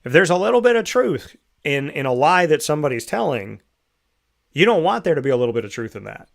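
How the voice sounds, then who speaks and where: A man's voice: fairly high pitch, sing-song, fast talker, creaky. Reflective male show host. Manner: reflective, coaxing with rhetorical questions. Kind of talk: motivational monologue.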